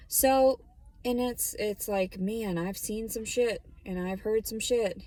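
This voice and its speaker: A woman's voice: medium pitch, slow, warm tone, a little hiss or hum. Woman, casual vlog, swears a lot, rambling, talking from her car. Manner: blunt, profane, rambling. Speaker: vlogger. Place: parked car in a store lot.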